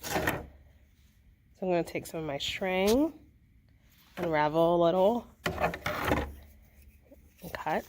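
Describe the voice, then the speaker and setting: A woman's voice: fairly low pitch, lively intonation, takes it slowly, pauses often, background noise. A young adult woman, a librarian, chatting and encouraging as she walks through a simple craft for kids. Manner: chatty and encouraging, with many fillers. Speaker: children's librarian hosting a craft video. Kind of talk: casual craft tutorial.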